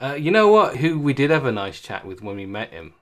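Brief: podcast co-host, playful, pitch bouncing all over, quick to laugh. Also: big pitch swings. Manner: jokey, laughs often, slips into silly voices. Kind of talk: casual podcast chat.

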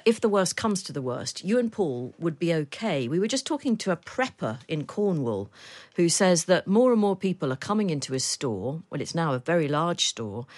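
A woman with a lowish voice hosts a podcast interview. She puts her questions plainly, with a dry, wry edge. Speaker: podcast host. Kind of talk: interviewing a guest.

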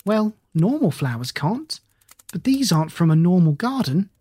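A reader voicing a timid, anxious young girl in a storybook, lifting the voice higher and smaller than the narration. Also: big pitch swings, moderate pace, dark tone, breathy edge, dry recording, studio quality. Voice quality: small raised childlike voice. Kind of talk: storybook character voice.

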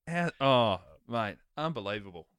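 A man, co-hosting a podcast in jokey, lively banter. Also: mid-range voice, smooth, no room sound, studio quality. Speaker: podcast co-host. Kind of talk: casual comedy chat.

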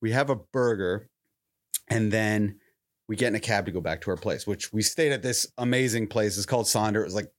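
A man's voice: brisk, no echo. A young adult man on a podcast, telling a story in casual chat and acting out the quotes with laughter. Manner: animated, acts out quotes with rising pitch and laughter. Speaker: podcast host.

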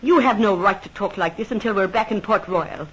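A woman's voice: medium pitch, fairly quick, husky, lightly acted. Actress as a jealous, devoted tavern girl; old radio play, muffled recording. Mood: defensive. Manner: fierce, jealous, emotional. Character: devoted young woman Kitty, tavern girl. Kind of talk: old radio drama acting.

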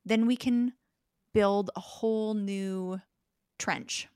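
A young woman, a podcast guest, talks things through in a thoughtful, reflective way and builds her points with examples. Her voice sits at a middle pitch and sounds dry and close to the mic. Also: fairly even intonation, slow pace, a little mellow, clean tone, no echo. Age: young adult.

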